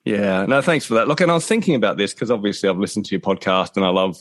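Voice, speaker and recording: A man with a South Australian accent, a podcast guest giving thoughtful, measured answers over a video call. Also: on the low side. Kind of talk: interview answers.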